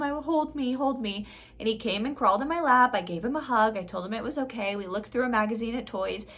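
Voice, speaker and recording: A woman's voice: mid-range voice, a bit bright. Emphatic woman coach giving a pep talk. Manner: emphatic, dramatic, laughs often at herself. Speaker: spiritual life coach. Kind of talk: casual motivational vlog.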